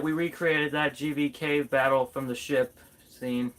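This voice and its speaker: A man's voice: medium pitch, steady tone, unhurried, fairly bright tone, slight background noise. A man doing a casual toy review vlog, playfully chatting to his figures as if they were people.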